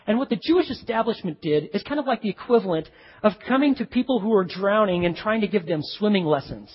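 A male pastor preaching a sermon in a lively, conversational way with frequent asides to the congregation. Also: sits high, fast, husky, in a large hall, dull audio.

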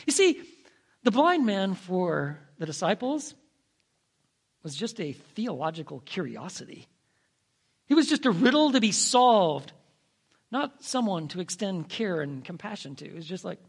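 A male preacher telling a story from the pulpit with a fairly high voice that leaps all over its range. He swings between hushed, drawn-out phrases and sudden emphatic bursts. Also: very animated, gravelly, husky. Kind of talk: storytelling sermon.

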